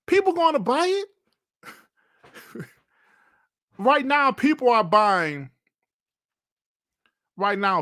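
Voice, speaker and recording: Dude ranting about comments, bright sharp voice, jumps all over in pitch, laughs a lot, dry close mic. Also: male voice, dry recording. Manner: animated, mocking, laughs often, swears. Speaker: gaming commentary streamer.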